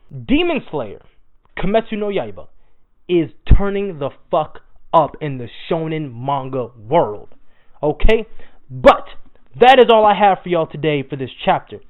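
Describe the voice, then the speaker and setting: A young man with a fairly high voice rattles through a manga chapter recap in loose slang, swearing as he goes. The audio is thin and tinny, like it came through a phone line. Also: a little slow. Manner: animated, slangy, swears freely. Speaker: anime manga reviewer. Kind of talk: casual profane chapter recap.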